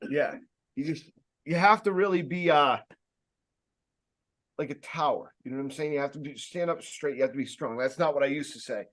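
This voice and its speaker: A man giving a casual sales training talk, speaking loudly and emphatically, with rambling jokey asides and plenty of fillers. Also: a little high, a little fast, pauses often. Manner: loud, emphatic, projecting voice.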